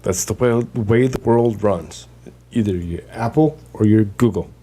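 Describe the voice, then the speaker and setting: A man's voice: on the low side, unhurried, mellow, slightly rough. A man hosting a casual podcast chat, rambling along with lots of fillers and restarts. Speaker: podcast host.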